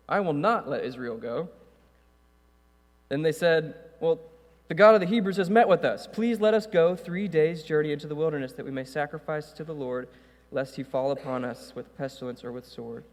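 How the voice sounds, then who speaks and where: A man's voice: fairly high pitch, normal speed. Man preaching in an echoey church. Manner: reads scripture then preaches loosely with fillers. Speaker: pastor. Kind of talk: sermon. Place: church sanctuary. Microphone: stage microphone with echo. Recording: hall reverb in church.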